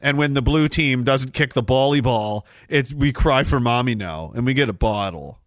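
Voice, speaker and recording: A man's voice: medium pitch, lively intonation, moderate pace, no room sound, studio quality. A man hosting a podcast, ranting in a sneering, mocking way. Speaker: podcast host. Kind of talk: ranting commentary.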